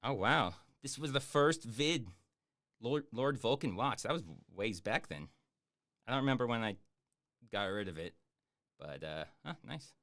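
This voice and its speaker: A man chatting casually on a live stream, answering viewer questions in a rambling, jokey way with lots of fillers and deadpan boasts. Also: medium pitch, unhurried, long pauses. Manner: hesitant with many fillers. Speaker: YouTube streamer answering chat.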